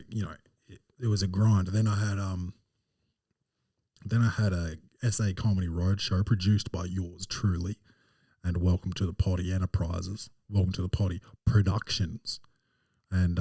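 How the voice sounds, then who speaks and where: A stand-up comedian hosts his podcast solo, telling self-deprecating stories in a casual, rambling monologue. His voice is low and mellow, captured at studio quality from a distant mic with no echo.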